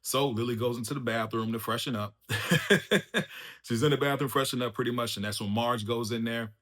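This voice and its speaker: A man hosting a casual spoiler review of a TV show, excitable and slangy, laughing often as he recaps. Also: mid-range voice, moderate pace. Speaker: TV review channel host.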